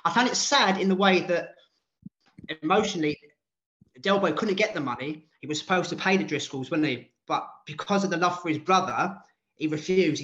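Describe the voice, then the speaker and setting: Late-30s guy hosting a podcast, pitch a bit up, lively and chatty, kinda muffled lo-fi sound. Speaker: podcast host. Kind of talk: casual chat. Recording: dull lo-fi sound.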